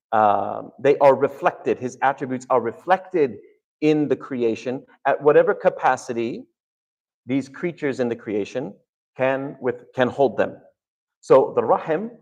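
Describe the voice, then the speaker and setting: Man lecturing a seminar, gravelly voice, mid pitch, asks the class questions. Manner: engaging, quizzes the audience with questions. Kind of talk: lecture on Arabic and scripture.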